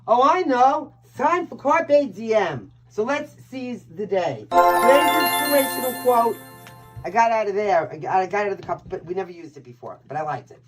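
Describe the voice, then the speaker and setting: Rough audio captures a medium-pitched woman from Brooklyn, New York, speaking with the local accent. She runs a laid-back tarot live stream, talking brashly and nonstop, cursing and cracking herself up.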